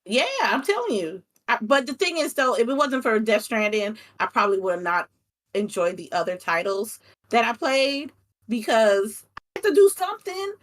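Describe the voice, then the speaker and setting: Woman, young adult, interview guest, animated, casual swearing. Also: mid-range voice, normal speed. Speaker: content creator guest.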